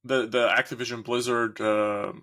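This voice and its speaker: A man's voice: medium pitch, level tone, normal speed, sharp tone. A man hosting a casual podcast, rambling and searching for words as he talks. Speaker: host.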